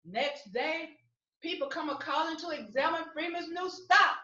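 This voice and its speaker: A woman tells a dramatic story in a slow, theatrical, emphatic delivery. Her voice is high and bright. It is picked up from far off in an echoey room. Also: lively intonation, highs cut off.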